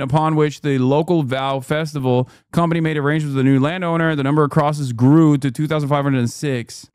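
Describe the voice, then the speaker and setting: A male streamer with a slightly high voice talks quickly and profanely over the clips he plays. The sound is dry and close, with no room behind it. He moves between reading text aloud and blunt, animated commentary. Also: dry recording. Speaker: streamer reacting to news clips. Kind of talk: casual live-stream commentary.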